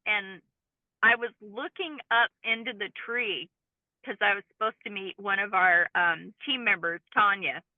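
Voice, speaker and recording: Over a dry, tinny call line with no room sound, a medium-pitched woman speaks as an interview guest. She's a cryptid field researcher, earnestly describing her own encounter in detail.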